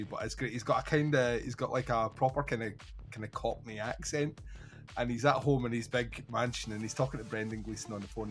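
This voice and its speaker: Swearing, animated man host. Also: mid-range voice. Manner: animated, swearing, acts out movie scenes. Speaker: podcast host. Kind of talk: casual chat.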